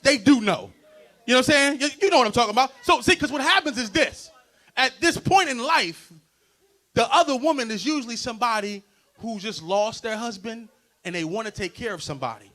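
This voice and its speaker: Loud, animated stand-up comedian man. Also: extremely high pitch. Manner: loud, animated crowd work with frequent laughs. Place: stage before a live audience.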